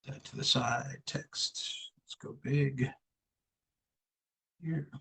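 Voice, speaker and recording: A man tutoring English pronunciation over a video call, speaking slowly and patiently. He drills single sounds again and again, modeling each word for his student. His pitch sits in an ordinary middle range. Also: steady tone, gravelly, sharp tone, husky, poor audio. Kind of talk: online one-on-one lesson.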